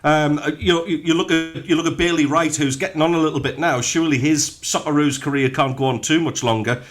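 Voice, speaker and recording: A Sunderland man with a fairly high voice, co-hosting a football breakfast radio show. He reads headlines, then chats in a blunt, cheeky, animated way, with faint music underneath. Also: a little fast. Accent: Sunderland (Mackem). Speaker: radio co-host and news reader. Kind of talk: headline reading and casual sports chat.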